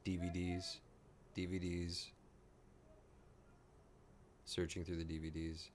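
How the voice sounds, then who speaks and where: A man hosting a casual reaction video, giddy, excitable and jokey as he comments on a TV episode. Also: deep voice, slow pace, slight background noise.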